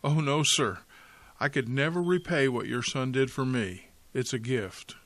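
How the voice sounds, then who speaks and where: A man's voice: medium pitch, a little slow, fairly bright tone, dry recording. A man voicing a humble young soldier. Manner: humble, earnest. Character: grateful young male soldier.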